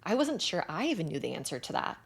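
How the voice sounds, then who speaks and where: A woman narrating a first-person romance novel in an expressive, animated way with breathy asides. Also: on the low side, fast. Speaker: audiobook narrator.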